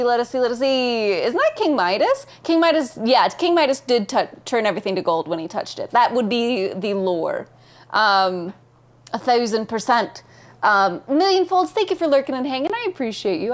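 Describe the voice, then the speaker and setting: A woman streamer chatting casually with her viewers, bubbly and warm with them, greeting each by name and laughing often. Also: on the high side.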